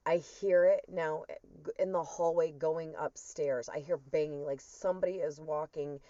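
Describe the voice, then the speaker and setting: A woman's voice: sits low, steady tone, unhurried, dark tone, no echo. A woman earnestly retelling a personal spiritual experience as a testimony, with emotion in her storytelling. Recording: dull, muffled dry recording.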